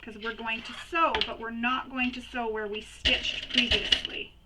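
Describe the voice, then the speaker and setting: Higher-voiced woman explaining sewing steps. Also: flat delivery, moderate pace, very noisy. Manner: chatty, repeats and recaps steps. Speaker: sewing tutorial host. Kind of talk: step-by-step sewing tutorial.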